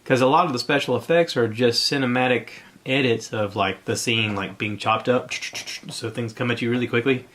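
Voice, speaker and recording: Speaking at normal speed with few pauses, this podcast host has a mid-range, fairly bright voice. He's alone on his show, chatting in a loose, meandering way while a little winded.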